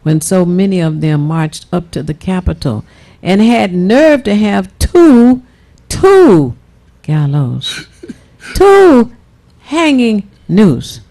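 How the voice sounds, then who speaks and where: Brief: woman guest, mocking storyteller, very lively and animated pitch, talk-show chat. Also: slow pace.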